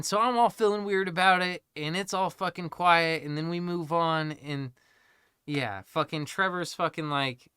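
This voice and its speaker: A man's voice: on the high side, sharp tone, clear, resonant tone, no room sound, clean studio sound. A young man on a podcast, rambling through stories with lots of swearing and laughter. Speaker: podcast co-host. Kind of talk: casual storytelling chat.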